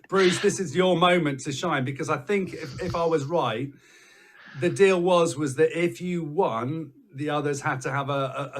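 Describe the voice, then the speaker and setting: A man hosting a casual rugby panel chat, teasing the guests and moving things along. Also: fairly high pitch. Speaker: podcast host. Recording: faint background noise.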